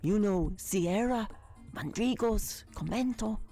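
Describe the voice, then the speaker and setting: A woman doing a gruff older man. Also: sits high, mellow, soft background music, pitched above the performer's own voice. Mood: pressing. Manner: halting broken English, insistent repeating. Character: gruff older Majorcan man, grumpy art snob.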